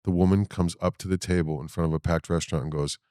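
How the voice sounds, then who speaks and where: Fast-talking deep-voiced Boston man. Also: steady tone, dark tone, no room sound, clean studio sound. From Boston area. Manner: brash, profane storytelling with put-on voices. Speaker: comedian guest. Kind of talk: casual podcast chat.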